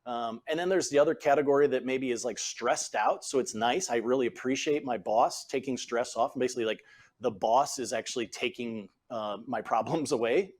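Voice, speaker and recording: A man's voice: mid-range voice, a little fast. A man in his forties, a podcast guest and author, explaining how leaders speak, acting out example phrasings. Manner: animated, acts out example phrasings. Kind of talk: conversational coaching talk.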